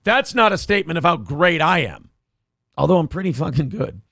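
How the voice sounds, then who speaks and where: A man hosts a morning talk show, reading viewer comments with sarcastic mockery. His voice sits a touch high and carries a gravelly edge. The studio sound is dry and close. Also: sing-song, brisk, a bit bright, no room sound. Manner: sarcastic, mocking. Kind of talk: casual chat.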